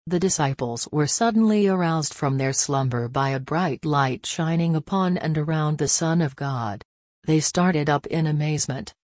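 Female reader for devotional narration; solemn, measured pace, low register, dry recording. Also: darkish tone, no echo. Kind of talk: devotional book reading.

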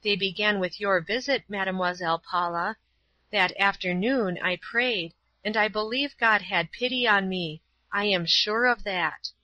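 A woman voicing a frail, dying old woman who speaks weakly and slowly with gratitude. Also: mid-range voice, sharp tone, no echo, lo-fi sound.

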